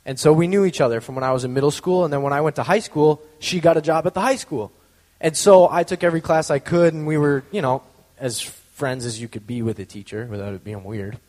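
A man's voice: a little high, brisk, a little mellow. Man telling a story in a reverberant hall. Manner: conversational, lots of fillers; acts out quoted voices. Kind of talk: personal storytelling talk.

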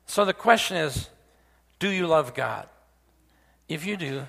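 A male preacher with a somewhat high, bright, gravelly voice delivers a folksy sermon full of asides. He backs up and restarts phrases as he goes. His voice rings out with a long reverb through a church sanctuary. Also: animated, measured pace. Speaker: pastor.

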